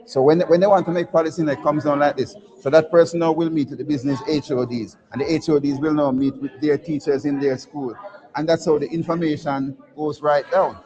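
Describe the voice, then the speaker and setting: A middle-aged Jamaican school principal talking casually to students at a career day, telling jokey stories and often asking "right?". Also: male voice, a little high, steady tone, a little fast, a little mellow. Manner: storytelling, jokey, asks the crowd "right?". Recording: muffled recording with a crowd around.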